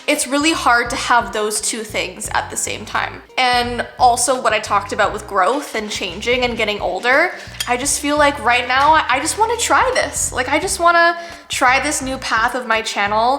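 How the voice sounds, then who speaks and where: Chatty woman in her 30s doing a q&a vlog, bright voice, roomy room w faint music. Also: a little high. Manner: candid, chatty, lots of "like". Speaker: YouTuber. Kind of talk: casual Q&A vlog.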